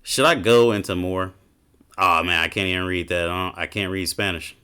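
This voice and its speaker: A man's voice: sits low, moderate pace, sharp tone, clean tone. A man doing a casual reaction commentary as a gaming YouTuber, ranting and swearing in an exasperated way.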